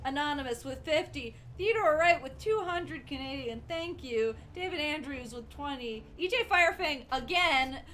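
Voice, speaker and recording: A woman's voice: high-pitched, animated, normal speed, hardly any pauses, fairly bright tone. A woman co-hosting a charity stream, reading out donations and gratefully thanking each donor.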